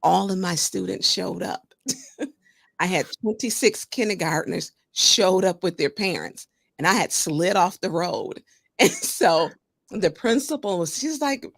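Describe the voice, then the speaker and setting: A woman hosting a talk show, chatting casually with a guest and telling stories in an animated way. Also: lowish voice, measured pace, vocal fry, no echo, studio quality. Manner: storytelling, animated, laughs while talking. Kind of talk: casual interview chat.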